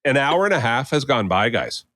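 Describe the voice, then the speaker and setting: A man's voice: mid-range voice, moderate pace, no room sound. A man co-hosting a podcast, telling a long story in a casual way and acting out the people he quotes. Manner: animated, acts out quoted people. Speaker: podcast co-host.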